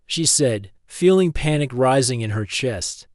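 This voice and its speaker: A man reading a story aloud as scripted narration, steady and even in delivery. His voice sits at a middle pitch. The sound is dry and close, with no room around it. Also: a little slow, no echo.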